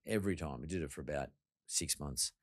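A man's voice: extremely low pitch, quick pace, no room sound, studio quality. A middle-aged man hosting a podcast, telling a candid story in a blunt, reflective way and swearing freely. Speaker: podcast host.

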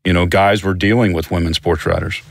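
A man's voice: sits low, fairly even intonation, fairly quick, gravelly, no room sound, studio quality. A man hosting a sports history podcast, asking questions and encouraging his guest. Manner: encouraging, brief affirmations. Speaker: podcast host. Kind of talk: interviewer.

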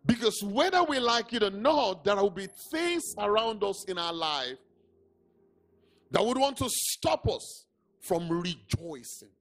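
Emphatic high-voiced pastor with Nigerian accent. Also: male voice, very animated, a little slow, a bit bright. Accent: Nigerian English. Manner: emphatic, repeats words for stress. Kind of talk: sermon. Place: church.

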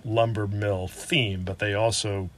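A man's voice: lowish voice, little pitch movement, unhurried, a bit bright, slight background noise. A man co-hosting a brewery review, chatting in a laid-back way and laughing often as he talks. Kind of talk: casual chat.

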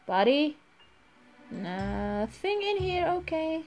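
A woman's voice: high voice, lively intonation, unhurried, darkish tone, soft background music. A young woman hosting a gaming channel, giggling and talking to herself as she plays. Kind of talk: let's play commentary.

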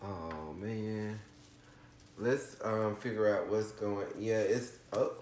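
A man hosting a casual orchid unboxing vlog, effusive, calling viewers honey and shrieking with excitement. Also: fairly low pitch, measured pace. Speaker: orchid channel host. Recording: echoey room, faint background hiss.

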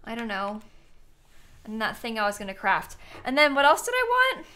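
A woman's voice: a little high, wildly swooping pitch, moderate pace, pushed and bright, clean tone. A young woman livestreaming a game, chatting casually and thinking aloud, sleepy and yawning as she thanks viewers. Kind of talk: casual gaming stream chat.

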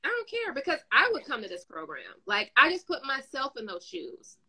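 Woman, New York accent, high bright voice, animated storyteller, casual talk. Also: normal speed, vocal fry, breathy edge, poor audio. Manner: animated storytelling, acts out quotes. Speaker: business owner and beauty coach. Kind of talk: casual conversation.

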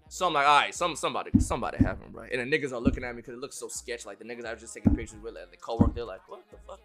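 Animated young man telling a street story. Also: high voice. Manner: excitable, slangy, swings between loud bursts and hushed mutters. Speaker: streamer.

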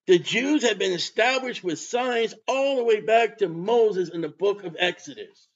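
Emphatic high-voiced male preacher, husky. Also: normal speed. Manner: emphatic, rising to loud bursts. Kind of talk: sermon. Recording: dull lo-fi sound.

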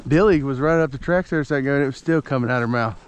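A man's voice: mid-range voice, very fast, a little hiss or hum. A man, outdoors in rural woods, calling his hunting dogs in a repetitive sing-song and chatting casually. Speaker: hunter and dad.

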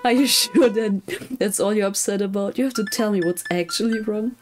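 A woman's voice: mid-range voice, normal speed, faint music behind, lightly acted. Woman reading a worried caring dad. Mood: concerned. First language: German. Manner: gently concerned.

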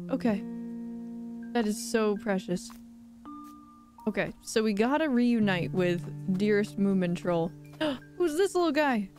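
A woman streaming a game live, gushing and excitable, gasping over cute things as she talks. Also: medium pitch, a little slow, music in the background.

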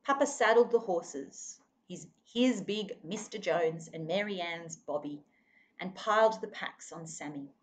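A woman's voice: fairly low pitch, measured pace, a little hiss or hum. A woman reading a children's novel aloud expressively, now and then speaking to her listeners. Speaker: reader.

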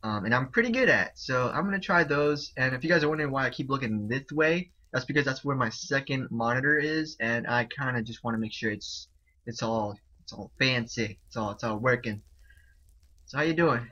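Young man, gameplay commentary, chatty and excitable, dull lo-fi home mic. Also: medium pitch, brisk. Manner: chatty, excitable, repeats himself. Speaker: gaming YouTuber. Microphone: desk mic, no headset.

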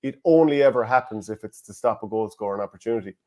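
A man's voice: fairly low pitch, quick pace, warm tone. A man with an Irish accent co-hosting a casual sports podcast, who gives firm opinions and reads out listener comments. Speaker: podcast co-host.

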